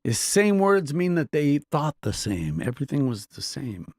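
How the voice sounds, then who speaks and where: A man's voice: on the high side, sing-song, moderate pace, darkish tone, no echo, studio quality. A man giving a casual Bible teaching in a conversational way, often checking that his listeners are following along.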